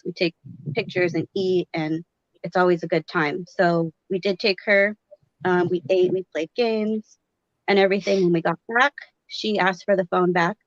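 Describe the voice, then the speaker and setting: A woman's voice: on the low side, dry recording, dull audio. A woman guest telling her own story with frequent hesitations and fillers.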